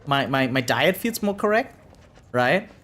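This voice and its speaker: A German man speaks English with a German accent in a mid-range, slightly bright, very animated voice at a measured pace, with slight background noise. Playing a game on a live stream, he chats casually and ramblingly with viewers, often adding "right?".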